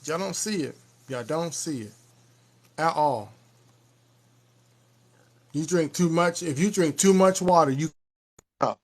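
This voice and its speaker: A man's voice: on the high side, takes it slowly, pauses often. A man, ranting with profanity in a casual podcast talk. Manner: animated, profane, preachy. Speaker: podcast host. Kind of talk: casual rant.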